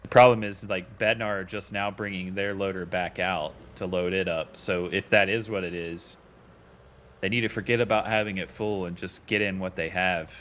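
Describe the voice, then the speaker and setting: A man with a somewhat low voice co-hosts live esports commentary. He talks in an easygoing, teasing way and chuckles often. His delivery is casual and conversational. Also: steady tone, normal speed, fairly bright tone, a little hiss or hum.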